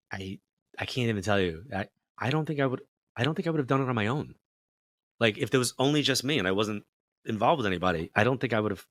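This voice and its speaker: A man, a psychic medium guest in an interview, telling lively casual stories and acting out the voices of people he quotes. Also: on the low side, dry recording, clean studio sound. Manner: animated storyteller, acts out quoted voices.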